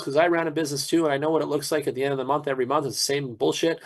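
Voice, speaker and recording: A man's voice: on the high side, rapid-fire. A man promoting a crypto platform in a casual, preachy pep talk, often repeating words.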